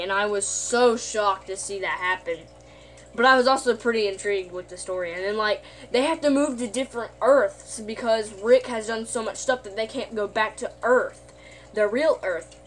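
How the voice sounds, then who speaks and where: A woman's voice: fairly high pitch, a little hiss or hum. A woman casually recapping an episode in a rambling way, with lots of fillers and restarts.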